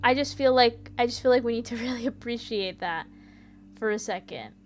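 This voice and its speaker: Faint music and slight background noise accompany a woman briskly streaming a detective game in a fairly high voice. In casual let's-play commentary, she giggles, chats with viewers, and reads the game text out loud.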